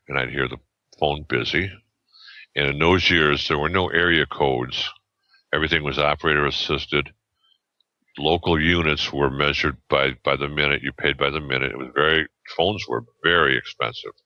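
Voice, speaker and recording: A man in his seventies, a podcast guest, telling a story in a rambling, halting way with many restarts and fillers, on a dull lo-fi recording. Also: rumbling low, sharp tone, dry recording. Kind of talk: casual storytelling. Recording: dull lo-fi sound.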